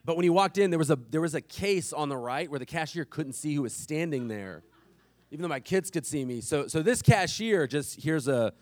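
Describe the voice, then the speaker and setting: A man's voice: on the high side, lively intonation, brisk, no echo. A man in his thirties preaching a sermon, telling a family story casually and with humor. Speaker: pastor.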